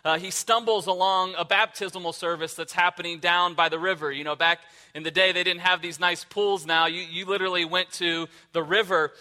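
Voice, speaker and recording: A man's voice: high voice, steady tone, a little fast, hardly any pauses, sharp tone. A man who is a lead pastor, giving a sermon in a casual, conversational way with frequent fillers.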